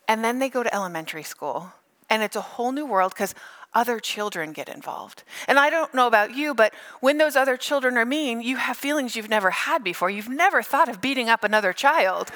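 A middle-aged woman pastor giving a sermon, animated and playful, telling stories with funny asides. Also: a little high, moderate pace.

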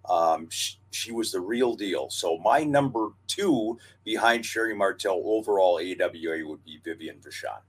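A man co-hosting a casual podcast chat, recalling old times in a measured, knowledgeable way. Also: low-pitched, lively intonation, breathy edge. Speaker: co-host and former wrestling announcer.

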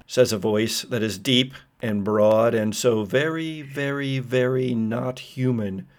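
A man's voice: mid-range voice, takes it slowly. A man narrating vivid scenes as game master of a tabletop role-playing game. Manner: vivid descriptive storytelling.

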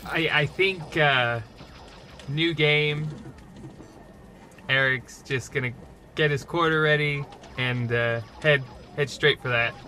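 A player speaking haltingly, unsure and stumbling over his words. His tone is sharp and bright. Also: fairly high pitch, soft background music.

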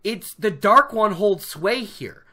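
A podcaster voicing a hostile young male zealot soldier, loud and accusing. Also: medium pitch, animated, slow pace, heavily acted.

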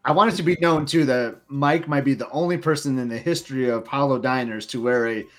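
A man's voice: mid-range voice, fairly quick, soft background music. A man hosting a podcast, chatting casually and gushing enthusiastically about a trip. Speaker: podcast host. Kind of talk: casual chat.

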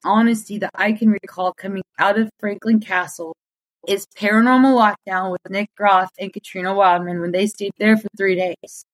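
A woman guest in casual conversation, talking excitedly with many "like" fillers. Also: mid-range voice, moderate pace, no echo, rough recording.

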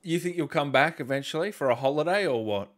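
An Australian man interviewing a guest in a relaxed, easygoing chat. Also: fairly high pitch. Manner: relaxed and easygoing, quick to laugh. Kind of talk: casual chat.

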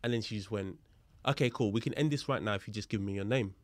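With no room sound behind him, a fast-talking police officer with a fairly low voice shares a story on a podcast. He plays out both voices in the conversation with energy and walks through the legal points in a relaxed, chatty way.

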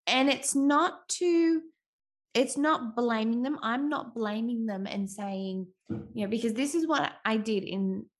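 A woman's voice: fairly high pitch, measured pace. A woman, speaking earnestly and reflectively about parenting, often restarting her sentences. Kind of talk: casual talk on parenting.

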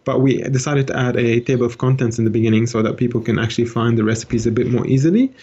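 A man's voice: mid-range voice, fast, dark tone, slightly rough, muffled recording. Hesitant joking male podcast cohost. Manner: hesitant, lots of fillers and restarts, joking. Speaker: podcast co-host. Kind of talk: casual chat.

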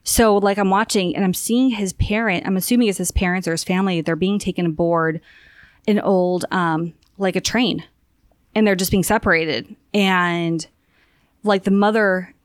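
A woman guest talking casually about her work as a spiritual energy guide, a lively storyteller who acts out the voices of the people in her stories. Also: fairly low pitch, moderate pace, dry recording, studio quality.

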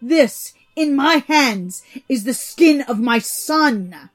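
A woman's voice: a little slow, mellow, soft background music, natural voice. A woman reading a storybook, voicing a greedy, cunning old man who is a sorcerer and a father. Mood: shrieking grief. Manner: shrill, cries out.

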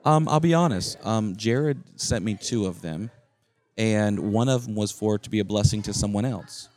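Here the middle-aged co-host's voice is on the low side and darkish, moving at a moderate pace. He chats loosely on the podcast, narrating what he notices at the campground while indoors amid shared-space noise.

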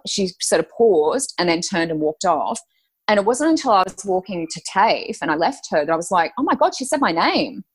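A woman, a podcast guest telling personal stories in a lively, emotional way. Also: fairly low pitch, slightly rough. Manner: animated, emotional storytelling. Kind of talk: casual storytelling chat.

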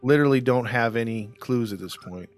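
A man's voice: medium pitch, brisk, soft background music. Man telling a true-crime story casually. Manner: storytelling with many fillers and restarts. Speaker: podcast co-host.

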